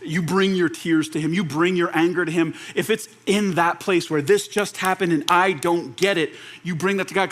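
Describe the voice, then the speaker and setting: Animated man preaching in a casual sermon. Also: on the high side. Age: young adult. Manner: conversational and animated, with laughs and quoted voices. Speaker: pastor.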